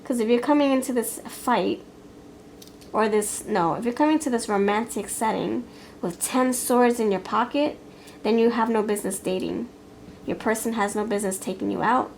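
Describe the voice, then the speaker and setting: A woman's voice: on the high side, normal speed, a little mellow, slight background noise, rough recording. A woman giving a pick-a-card tarot reading, thinking aloud in a rambling, frank way with many fillers and restarts. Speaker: tarot reader.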